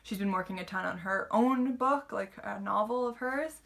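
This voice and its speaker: A woman talks through a book review in an easy, rambling way, full of "like" and fillers. Her voice is bright and forward, with a gravelly rasp of fry underneath. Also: medium pitch, normal speed. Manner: chatty, filler-heavy retelling with lots of "like".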